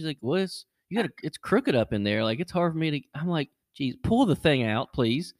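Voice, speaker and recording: A middle-aged man hosting a podcast, telling a casual story and jumping his voice up high when he acts out what people said. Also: a little fast, hardly any pauses, no echo, studio quality. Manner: animated, jumps high when acting out quotes. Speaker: podcast host.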